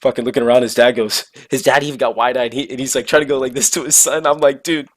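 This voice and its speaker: A young man telling a story casually, animated and full of slang and swearing. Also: medium pitch, fast, hardly any pauses, no echo.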